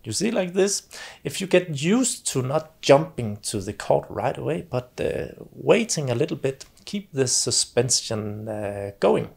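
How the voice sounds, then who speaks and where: A man teaching piano and calmly explaining how voices in chords move, with frequent small fillers. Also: mid-range voice, measured pace, vocal fry, slightly rough. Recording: talk over loud piano music.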